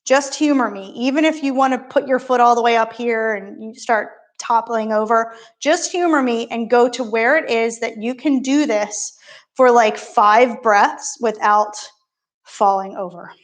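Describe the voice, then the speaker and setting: A woman's voice: fairly high pitch, measured pace. A woman yoga instructor talking a beginner class through poses and breathing, with encouraging, playful step-by-step cues.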